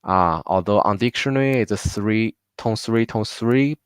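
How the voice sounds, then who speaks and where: A man's voice: on the low side, normal speed, smooth, no echo. A man with a Chinese accent teaching Mandarin pronunciation in a live online class, patiently repeating words for learners. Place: home.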